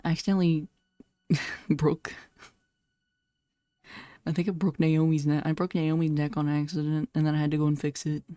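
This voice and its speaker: Low, mellow-voiced woman streamer. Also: level tone, moderate pace, long pauses, smooth, dry recording, faint music behind. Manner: blunt, swears, laughs often. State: slightly hoarse. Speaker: VTuber streamer. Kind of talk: casual gameplay commentary.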